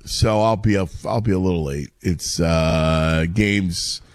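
A man's voice: low voice, slow, no room sound, studio quality. A middle-aged man in casual chat who talks animatedly, stumbles over his words, and says "dude" a lot.

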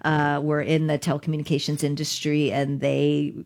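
A middle-aged woman with a notably low voice recounts events as an interview guest. She tells it in an animated way and laughs often as she goes. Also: moderate pace, creaky. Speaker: digital rights lawyer. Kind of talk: storytelling in an interview.

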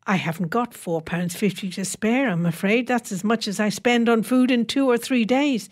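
A woman's voice: on the high side, moderate pace, lightly acted. A woman voicing a chatty, practical older housewife who rambles homely memories.

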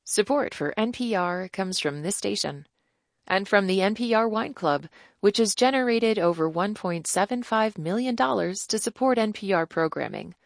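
A woman announcer reading sponsor credits in a crisp, even way. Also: mid-range voice, normal speed, dry recording, clean studio sound.

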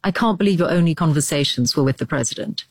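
Low-voiced woman host posing probing questions. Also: animated, fast talker, breathy edge, dry recording, studio quality. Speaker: radio host, interviewer. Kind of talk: radio interview.

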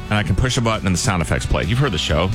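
A man's voice: racing, music in the background. A man hosting a radio show, telling a story with lots of acted-out voices, recorded in a studio. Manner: animated storyteller, acts out quotes in a high voice. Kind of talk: morning radio banter.

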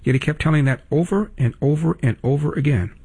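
Male talk radio host, gravelly, indignant and mocking. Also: fairly high pitch, fast, a little mellow.

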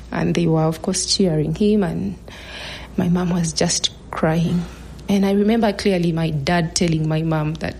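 A woman in her thirties telling a personal story in an earnest, measured way, now and then dropping to a hush. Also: lowish voice, slight background noise.

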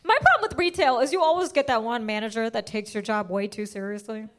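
A brash young woman comic from the States, doing stand-up with lots of animation and chuckles at her own lines. Her voice sits high, and she swings between punchy and dropped-down asides. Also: fast, a bit bright. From United States. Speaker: stand-up comedian. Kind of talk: stand-up comedy set.

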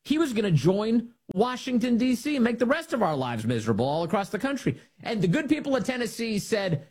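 Sarcastic husky-voiced talk radio man. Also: sits high, a little fast, few pauses. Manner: sarcastic, laughing, animated. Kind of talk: mocking political talk radio monologue.

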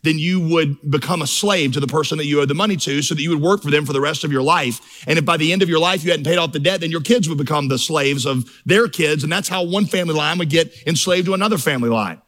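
A man's voice: fairly high pitch, fast, hardly any pauses, fairly bright tone. A middle-aged male pastor preaching a sermon, telling stories and building to fervent, rising crescendos.

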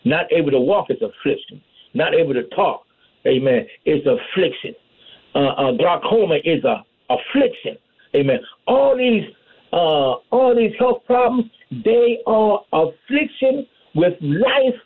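High-pitched gravelly preacher on tinny radio. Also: male voice, animated, measured pace. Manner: call-and-response preaching, repeats amen and hallelujah. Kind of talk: fervent sermon. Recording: tinny phone-line radio broadcast.

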